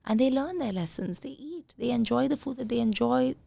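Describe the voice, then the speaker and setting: Woman coaching in a gravelly voice. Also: fairly high pitch, fairly quick, no echo. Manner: calm, coaching tone, acts out parents' voices. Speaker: conscious parenting coach, guest. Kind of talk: podcast interview.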